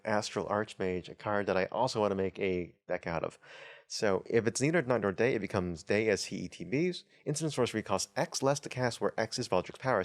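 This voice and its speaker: Chatty man opening card packs. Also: on the low side. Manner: chatty, reads card text aloud, wry asides. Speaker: host of a tabletop channel. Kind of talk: casual unboxing commentary.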